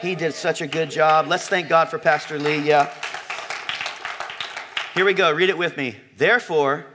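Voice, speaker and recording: A man pastor preaching a sermon in church, emphatic, swinging from quiet asides to near-shouts and slowing down for stress. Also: on the high side, steady tone, background noise. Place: church sanctuary.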